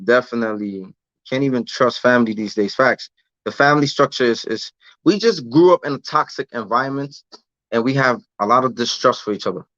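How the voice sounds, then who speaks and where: A man's voice: mid-range voice, fairly quick, fairly bright tone, dry recording. Slangy, restarting man on a dull mic. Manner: loose slangy talk with frequent restarts and repeated words. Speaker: vlogger answering live chat. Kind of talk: casual livestream chat.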